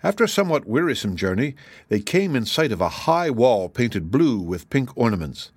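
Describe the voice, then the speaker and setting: A man narrating a children's book chapter in a steady, measured reading. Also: mid-range voice, breathy edge, dry recording. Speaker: audiobook narrator. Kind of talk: scripted narration.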